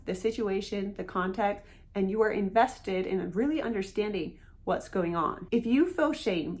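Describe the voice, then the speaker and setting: Woman, instructional talk, earnest, encouraging, mid pitch. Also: darkish tone. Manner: earnest, encouraging, acts out sample phrases. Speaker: hearing-loss educator.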